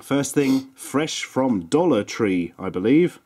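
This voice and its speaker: A man's voice: mid-range voice, animated, slow pace, mellow. A man hosting a casual food tasting, jokey and self-mocking, laughing often. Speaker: channel host.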